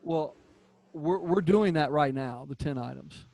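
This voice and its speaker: A man's voice: a little high, a little slow, creaky, warm tone, no echo. A man co-hosting a podcast in casual chat, teasing his partner and laughing often. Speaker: podcast co-host.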